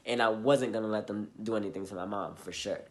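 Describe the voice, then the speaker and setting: A man's voice: on the low side, fairly even intonation, fast. A young man telling a personal story in a casual vlog, talking in a rambling, earnest way with many fillers. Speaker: vlogger.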